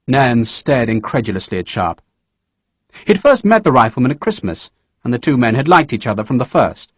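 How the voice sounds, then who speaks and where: A man narrating a historical novel audiobook in a measured storytelling manner. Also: mid-range voice, very animated, no echo, clean studio sound. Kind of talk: scripted narration.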